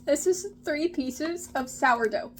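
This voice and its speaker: Young woman food vlogging, high bright voice, gushes over everything, bit of faint room noise. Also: rough recording. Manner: gushing, excitable, drawn-out exclamations. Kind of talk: casual food vlog.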